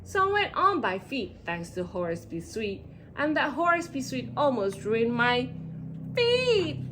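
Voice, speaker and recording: Woman reading a children's storybook aloud, lively and sing-song. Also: high-pitched, measured pace, noisy background. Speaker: storybook reader.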